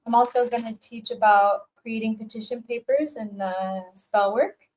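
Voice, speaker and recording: A woman's voice: a little high, moderate pace, poor audio. A woman giving a casual live tarot reading, speaking straight to the viewer. She laughs often, repeats her encouragement, and swears casually. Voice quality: animated, laughs often, warm encouraging repetitions. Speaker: tarot reader.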